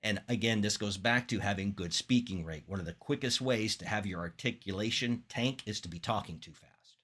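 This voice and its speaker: Animated man giving a speaking lecture. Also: husky. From Florida. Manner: lively, with emphatic pitch jumps and deliberate pauses. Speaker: public speaking instructor. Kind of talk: classroom lecture.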